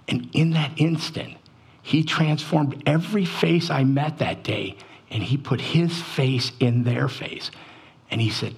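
A middle-aged man giving a sermon testimony, telling his story with emotion and sinking low and quiet at the sad moments. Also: slow, creaky, slightly rough. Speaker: church speaker.

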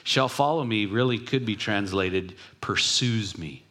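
A man preaching a sermon in an earnest way, often dropping to a soft hush on key words. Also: lowish voice, unhurried, few pauses. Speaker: pastor.

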